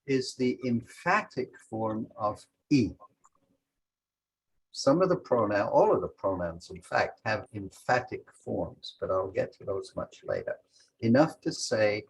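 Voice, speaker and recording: A man's voice: on the low side, poor audio. A man teaching a language lesson over a video call, methodically walking through example sentences step by step.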